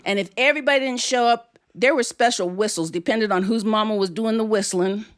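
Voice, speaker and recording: An older woman telling a personal story to a live audience on stage, expressive and playful. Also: fairly high pitch, brisk, clear, resonant tone.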